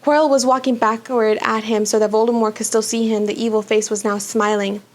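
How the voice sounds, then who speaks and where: A woman reading a children's fantasy book aloud for a book club, with an expressive, dramatic delivery. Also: a little high, a little fast. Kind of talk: storybook read-aloud.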